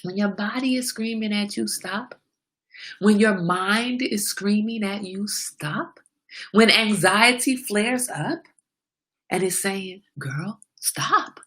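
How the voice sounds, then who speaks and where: A middle-aged woman hosting her own show, giving a candid, preachy motivational talk about slowing down. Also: medium pitch, a bit bright. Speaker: host. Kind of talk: casual motivational monologue.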